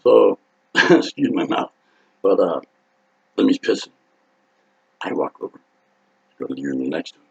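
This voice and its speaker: A man's voice: low voice, sing-song, moderate pace, creaky, pauses often, darkish tone, husky. A man in his fifties, a rock singer, telling a rambling, profane anecdote with laughs and acted-out voices. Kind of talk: casual storytelling. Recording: dull lo-fi sound.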